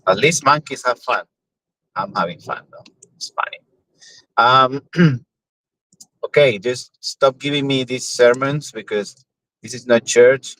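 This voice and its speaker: A man's voice: mid-range voice, unhurried, long pauses, a bit bright, dry recording, poor audio. A man driving for a ride-share app and chatting on a live stream from inside his car, joking, swearing and repeating words in a sing-song way. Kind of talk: casual live-stream chat.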